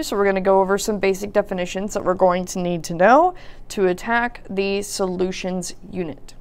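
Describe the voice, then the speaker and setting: A woman teaching a recorded high school chemistry lesson, explaining patiently with occasional fillers. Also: clear, resonant tone. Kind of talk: recorded lecture narration.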